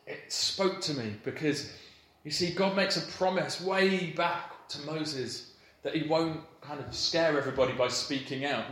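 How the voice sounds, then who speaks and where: A man in his thirties, a pastor, giving a sermon in a church hall with a warm, playful storytelling manner and light laughter. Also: a little high. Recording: roomy hall echo, faint ambience.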